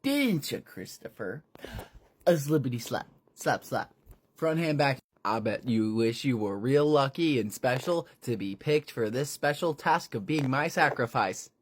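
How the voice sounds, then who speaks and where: A storyteller voicing a menacing male villain who taunts his captive in a low, breathy voice with sudden quick jabs. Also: lively intonation. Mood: taunting.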